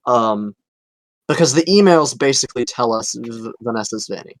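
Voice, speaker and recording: A man's voice: mid-range voice, animated, normal speed, no room sound, rough recording. A man co-hosting a casual podcast chat, laughing often and trailing off mid-thought. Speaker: podcast co-host.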